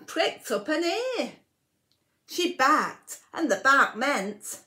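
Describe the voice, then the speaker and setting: Woman reading a kids picture book out loud, super slow, high bright voice, swoops up and down a lot, drops to a whisper sometimes. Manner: very expressive, with whispered asides. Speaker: library storytime reader.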